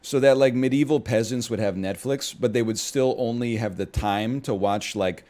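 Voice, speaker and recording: A man's voice: medium pitch, normal speed, warm tone. A young man chatting casually while he plays a game, rambling and joking with riffs and mock screams. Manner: jokey, trails off into riffs and bursts into mock screams.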